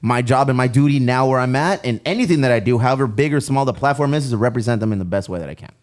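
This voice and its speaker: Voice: medium pitch, racing. A podcast host speaking frankly and earnestly in casual chat, swearing often. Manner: frank and profane, earnest about family heritage.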